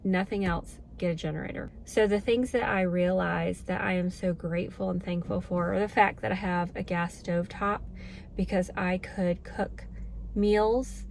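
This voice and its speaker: A woman's voice: fairly low pitch, steady tone, moderate pace, gravelly, a little mellow, a little hiss or hum. A middle-aged woman vlogging in a casual, earnest, heartfelt way to her viewers. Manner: earnest, heartfelt, emotional at moments. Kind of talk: casual talk to camera.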